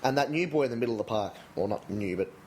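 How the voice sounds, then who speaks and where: A man, chatting casually as a podcast co-host and teasing his friends with quick stories. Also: medium pitch, lively intonation, darkish tone, slight background noise, low-quality recording. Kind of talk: casual chat.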